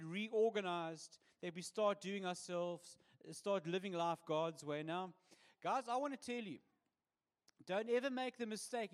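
South African male pastor, high-pitched, humorous conversational preaching. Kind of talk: sermon.

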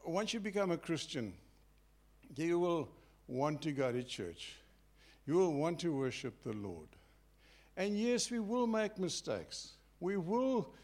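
An older man preaching a conversational sermon, telling stories and often dropping his voice soft. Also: fairly high pitch. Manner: storytelling, conversational with sudden soft drops.

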